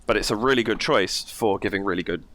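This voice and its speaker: A man's voice: lowish voice, quick pace, fairly bright tone. A man hosting a reaction video, talking casually and enthusiastically as he breaks down vocal technique. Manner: enthusiastic, exclaims and analyzes singing technique. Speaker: reaction channel host.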